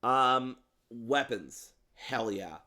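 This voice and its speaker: A man's voice: medium pitch, animated, extremely slow, sharp tone. A man co-hosting a casual movie review chat, rambling with lots of ums and some playful swearing. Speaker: podcast co-host.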